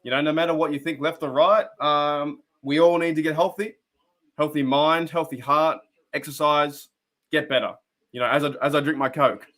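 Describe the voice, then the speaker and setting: His voice sits fairly high, with a steady, slightly bright tone and a moderate pace. A young Australian man hosts a relaxed fan live stream, commenting on a game while chatting in a rambling way, laughing often and greeting viewers by name.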